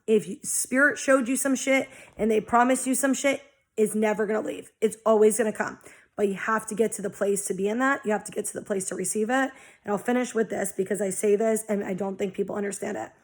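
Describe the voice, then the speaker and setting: Blunt, profane woman vlogger. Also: medium pitch. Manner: animated, acts out her own past reactions. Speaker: spiritual vlogger. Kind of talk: casual monologue.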